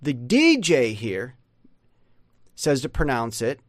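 A man giving a casual pronunciation lesson, rambling and sounding out words slowly. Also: mid-range voice, wildly swooping pitch, dry recording. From United States. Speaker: pronunciation teacher.

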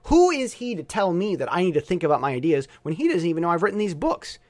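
Animated man vlogging in a dry room. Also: sits high, quick pace, no room sound. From Southern Taiwan. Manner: animated, opinionated, stop-and-start rambling. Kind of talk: casual vlog monologue.

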